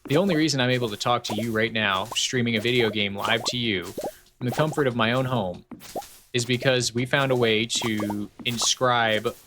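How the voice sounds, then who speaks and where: A man's voice: mid-range voice, normal speed, over music. A man streaming a video game from home, chatting casually and rambling off on tangents while reading chat aloud.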